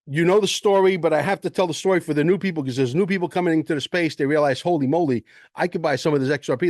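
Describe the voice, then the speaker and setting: A man's voice: medium pitch, dry recording, clean studio sound. An older man hosting his own show, talking casually in a rambling, emphatic way and repeating words for stress. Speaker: host and precious metals dealer. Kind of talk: casual livestream talk.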